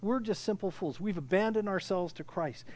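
A man preaching a sermon with impassioned delivery, often restarting phrases and building to loud peaks. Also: high voice, normal speed. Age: older. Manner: impassioned, rising to near shouting, with frequent restarts. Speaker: pastor.

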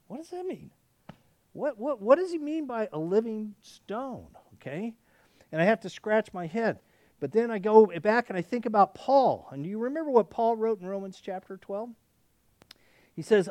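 A male pastor preaching a sermon in an animated, conversational way, often restarting and checking in with "okay?". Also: sits high, moderate pace, no room sound.

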